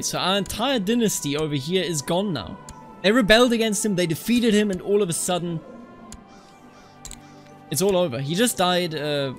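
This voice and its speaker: A man from Bavaria narrates his gameplay in a fairly high voice. He talks through each decision and swings into outraged, emphatic reactions at every setback. Soft game music plays faintly underneath. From Bavaria, Germany. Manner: animated, reacts loudly to setbacks. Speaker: let's play commentator. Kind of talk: live gameplay commentary.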